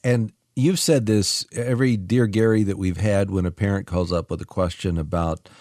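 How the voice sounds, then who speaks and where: A man co-hosting a radio talk show, asking questions and reflecting in a measured way. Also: fairly low pitch, fairly even intonation, a little mellow, dry recording, studio quality. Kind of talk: interview talk.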